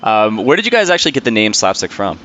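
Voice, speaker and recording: A man with a low voice hosts a casual podcast, asking questions eagerly with a lively, swooping delivery. He swears freely and reacts with open enthusiasm. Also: fast talker, muffled recording, a little hiss or hum. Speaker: podcast host. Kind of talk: casual conversational interview.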